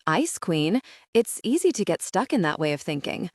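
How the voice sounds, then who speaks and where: A woman's voice: on the low side, very animated, normal speed, a little mellow, no room sound. A woman voicing a dry-humored young man who owns a theater, in an audiobook reading. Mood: earnest. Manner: dry, teasing.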